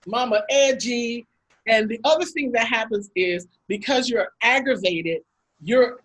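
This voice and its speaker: Woman host with a husky, breathy edge, chatting casually on a video call and acting out her stories. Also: fairly high pitch, low-quality recording. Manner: animated anecdotes, acts out quotes with laughs. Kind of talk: casual storytelling talk.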